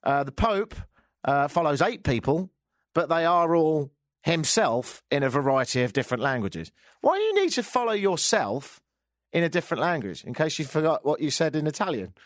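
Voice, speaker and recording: A man hosts a radio show, chatting wryly about the week's odd stories and muttering asides to himself. His voice is fairly high and swoops up and down a lot, heard close and dry with no room sound. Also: sing-song, moderate pace, no room sound. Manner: wry, rambling, mutters asides. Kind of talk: casual news chat.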